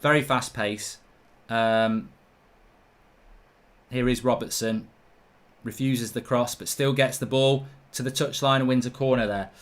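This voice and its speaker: A man, hosting a live football watchalong, reading viewer chat and arguing back in an animated, ranting way. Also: mid-range voice, unhurried, pauses often. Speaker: livestream host.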